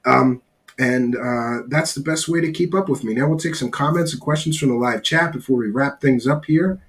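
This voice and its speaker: A man's voice: medium pitch, normal speed. Blunt, rambling middle-aged male host. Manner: blunt, swears casually, rambling asides. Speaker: podcast host reading live chat. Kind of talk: casual live-stream chat.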